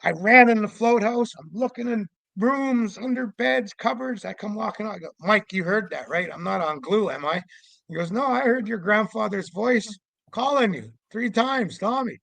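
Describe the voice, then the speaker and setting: Gravelly middle-aged man telling stories. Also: high-pitched, moderate pace, no room sound, rough recording. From Canada. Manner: animated, acts out voices with loud shouts. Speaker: guest storyteller, Sasquatch investigator. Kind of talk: casual storytelling.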